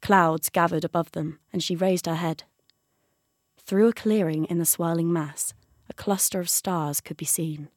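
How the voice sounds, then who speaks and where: A woman reading several stories aloud with lively, animated narration. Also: fairly low pitch, a little slow, dry recording, clean studio sound. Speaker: audiobook narrator. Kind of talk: expressive read-aloud narration.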